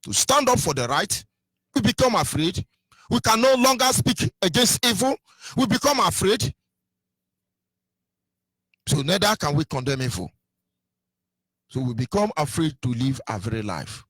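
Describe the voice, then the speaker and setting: A man's voice: high-pitched, sing-song, moderate pace, pauses often, a bit bright, slightly rough, no echo. A man with a Nigerian accent giving a fiery political sermon on radio, asking rhetorical questions and half-singing some phrases. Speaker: activist radio speaker.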